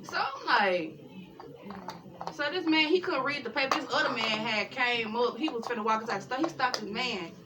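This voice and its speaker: A woman's voice: a little high, moderate pace, very noisy. A woman with a Memphis Southern accent, telling a story casually at a family gathering and acting out the voices she quotes. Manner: animated, acts out quoted voices. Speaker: storyteller guest. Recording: distant mic, crowd chatter behind.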